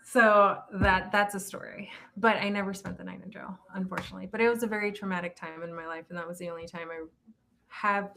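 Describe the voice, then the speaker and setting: A woman's voice: medium pitch, fairly even intonation, fast, creaky, a bit bright, slight background noise. A middle-aged woman co-hosting a podcast, recapping a reality show in casual, gossipy chat that trails off and restarts. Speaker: podcast co-host.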